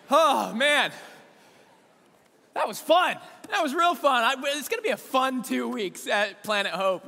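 A man preaching an energetic sermon to a congregation, rallying the room into call-and-response chants. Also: sits high. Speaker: pastor. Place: church sanctuary. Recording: echoey church sanctuary with long reverb.

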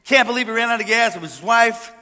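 A man preaching a sermon, telling a made-up parable and acting out the characters with lively energy. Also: extremely high pitch, quick pace. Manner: animated storytelling, acting out characters. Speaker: pastor. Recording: long hall reverb.

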